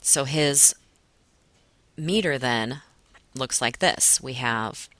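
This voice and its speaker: A young woman teaching a class, her voice bright and clear. She explains patiently, now and then slowing down to stretch out a word. A classroom lecture style with plenty of "um"s. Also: very deep voice, a little hiss or hum. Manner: patient explaining, stretches words to show stress.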